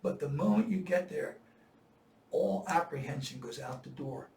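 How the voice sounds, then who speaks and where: A man in his seventies telling war-veteran stories in casual chat, profane and animated. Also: fairly high pitch, moderate pace, roomy sound, recorded from a distance, slight background noise. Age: 70s. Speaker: veteran storyteller.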